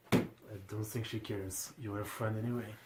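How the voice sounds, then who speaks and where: A man hosting an anime reaction, commenting casually and offhand, a little sleepy and swearing now and then. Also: on the low side. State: sleepy, yawning. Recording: echoey room, faint background hiss.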